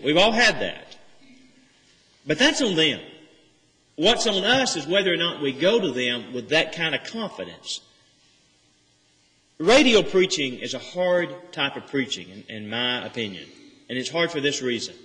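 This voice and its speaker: A man preaches an earnest sermon, working through a scripture passage and leaning hard on the phrases he wants remembered. His voice sits a little high and comes across bright and forceful. It rings out with the long reverb of a church sanctuary. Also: expressive, normal speed. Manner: earnest expository preaching, rising emphasis on key phrases.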